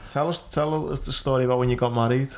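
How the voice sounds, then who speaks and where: A man hosting a podcast, putting in quick jokey remarks during casual chat. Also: mid-range voice, fairly even intonation. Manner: jokey interjections. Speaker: podcast host.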